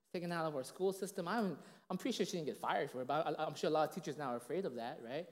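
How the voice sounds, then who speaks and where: Chatty pastor in a reverberant hall. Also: male voice, very fast. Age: late 30s. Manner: casual, chatty, heavy on fillers and 'you know', 'right?'; acts out quoted voices with big pitch jumps. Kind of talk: conversational sermon storytelling. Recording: long reverb of a large hall.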